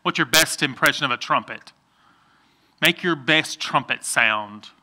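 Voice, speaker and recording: A man's voice: medium pitch, unhurried, bright, forceful tone. A man pastor giving a playful children's sermon, coaxing the kids by name to join in.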